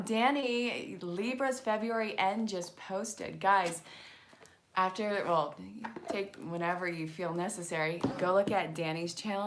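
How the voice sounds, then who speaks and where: A woman chatting excitedly on a live stream as an angel card reader, talking to her viewers and laughing often. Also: lowish voice, background noise. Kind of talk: casual live-stream chat.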